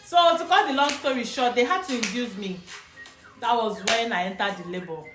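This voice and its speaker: A Nigerian woman telling a personal story in casual, animated talk, laughing often and mixing in pidgin. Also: on the high side, a little fast. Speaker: vlogger. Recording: echoey room with music behind.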